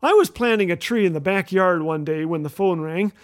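Wry high-voiced man telling a story. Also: fairly quick. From Canada. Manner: wry storytelling with deadpan jokes. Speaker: radio host. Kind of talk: scripted humorous radio commentary.

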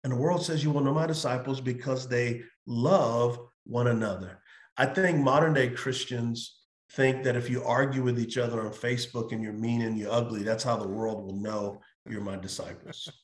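A man's voice: medium pitch, steady tone, moderate pace, echoey room. A male pastor as a podcast guest, speaking emphatically in a preaching style, building in repeated phrases and acting out quoted voices. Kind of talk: passionate preaching-style conversation.

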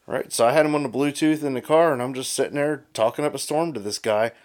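A man in an easygoing group chat, telling a long story with plenty of swearing and energy. His voice sits in an ordinary mid-range pitch. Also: fast. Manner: animated storyteller, swears freely. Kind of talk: casual chat.

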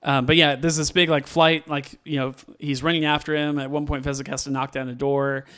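A man's voice: a little high, little pitch movement, fairly quick, fairly bright tone, smooth. A man chatting casually about a movie, enthusiastic and rambling, full of fillers and restarts.

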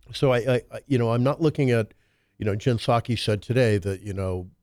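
A man's voice: mid-range voice, moderate pace, a little mellow, no echo, studio quality. A man hosting a talk radio show, musing on current events in a rambling, hesitant way full of fillers. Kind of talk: casual political talk.

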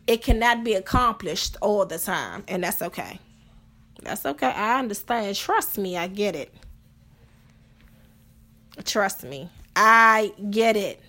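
A woman podcast host delivers a casual monologue on relationships, blunt and profane and full of rhetorical questions. Her voice is medium-pitched with a fairly bright tone.

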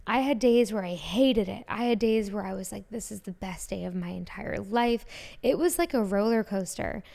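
A woman's voice: medium pitch, dark tone. A woman in her twenties hosting a casual solo podcast, gushing enthusiastically and filling her talk with "like". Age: 20s. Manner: gushing, enthusiastic, many "like" fillers. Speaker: podcast host.

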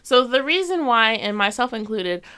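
Lively, bright-voiced woman podcast host. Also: on the high side, moderate pace, clean tone. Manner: animated, laughing, storytelling with voices. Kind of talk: casual chat.

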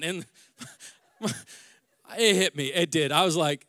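A man in his forties, a pastor praying and then telling a personal story in a conversational, animated sermon. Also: high voice, moderate pace, gravelly, no echo, studio quality. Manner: conversational and animated, with many restarts.

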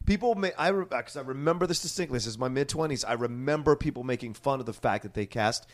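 A man's voice: medium pitch, quick pace. A man in his forties on a film podcast, reflecting earnestly on an actor's performance. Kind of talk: casual film discussion.

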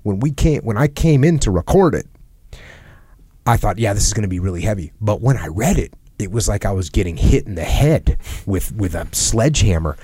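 An earnest man hosting a podcast, speaking in a lowish voice. He leans on repeated phrases to drive his points home. The sound is dry and close, with no room around it. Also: lively intonation, brisk, mellow, slightly rough, dry recording. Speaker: podcast host. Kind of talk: reflective podcast conversation. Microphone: headset.

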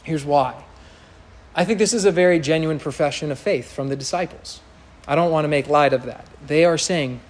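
This preacher's voice sits on the high side with a darkish tone. He delivers his sermon conversationally, occasionally mocking the voices of those he quotes.

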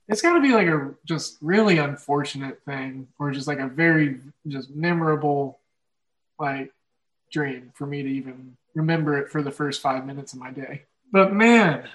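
Poor audio captures a young man with an Oklahoma Midwestern accent and a fairly high-pitched voice. He hosts a casual podcast chat, rambling along with plenty of fillers and laughing often.

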